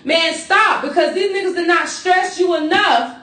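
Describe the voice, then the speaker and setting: A woman's voice: very high voice, moderate pace, fairly bright tone, echoey room, recorded from a distance. A woman co-hosting a casual podcast chat, talking in a blunt, profane, fired-up way. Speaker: podcast co-host.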